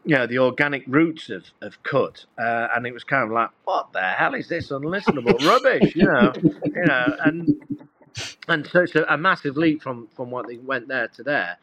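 A man's voice: medium pitch, normal speed, sharp tone. A middle-aged man, a guest musician, telling rambling anecdotes in casual conversation with many fillers and restarts.

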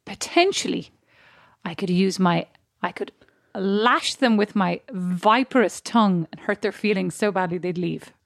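A woman co-hosting a casual chat podcast, giggly and animated as she tells stories. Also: medium pitch, measured pace, vocal fry, dry recording, clean studio sound. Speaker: podcast co-host.

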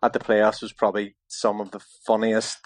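Male co-host, lowish voice, dry sound, hesitant amused storyteller. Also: completely flat delivery, moderate pace, no echo. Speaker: podcast co-host. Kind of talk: casual chat.

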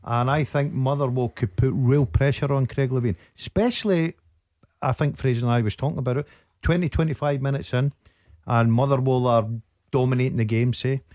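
A man's voice: mid-range voice, steady tone, brisk, darkish tone, dry recording, studio quality. A man giving strong football opinions on a radio show. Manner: emphatic, opinionated. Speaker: football pundit. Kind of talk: casual sports radio chat.

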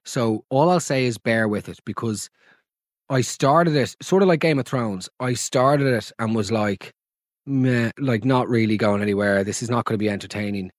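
A man's voice: medium pitch, moderate pace, no echo, clean studio sound. Mock-dramatic man hosting. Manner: animated, sweary and mock-dramatic. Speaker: podcast host. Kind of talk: comedy podcast chat.

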